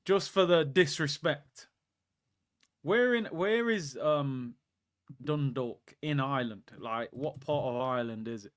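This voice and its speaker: A young man with a mid-range voice hosts a live football watchalong, reacting to the match and fielding viewer questions. He's excitable in his chatter but takes it slowly.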